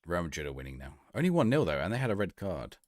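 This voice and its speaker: A man live-streaming gameplay, joking and thinking aloud. His voice swings widely in pitch. The sound is dry and close to the mic. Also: big pitch swings, rapid-fire, no echo. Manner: playful, joking, talks to the game and AI.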